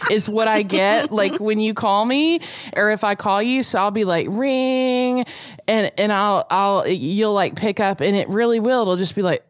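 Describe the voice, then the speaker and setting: A woman's voice: medium pitch, normal speed, no room sound. A woman co-hosting a podcast in casual chat, rambling and hesitant with many fillers. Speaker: podcast co-host.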